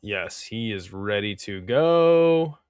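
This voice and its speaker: A man's voice: on the low side, animated, slow pace, darkish tone, clean tone, no room sound, studio quality. A young man hosting a live stream, giving casual play-by-play in a laid-back, slangy way and chatting with viewers.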